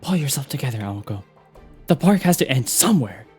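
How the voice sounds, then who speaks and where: A man doing a brisk young woman mage. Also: medium pitch, very animated, darkish tone, husky, faint music behind, pitched above the performer's own voice. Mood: determined. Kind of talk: game dialogue read aloud on a live stream.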